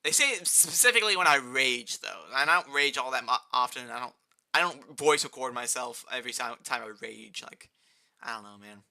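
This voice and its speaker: Chatting casually on a live gaming stream, a young man rambles, responds to chat, and breaks into rising, excited outbursts. His voice is fairly high-pitched, quick, and creaky, and keyboard clicks can be heard close to his desk mic.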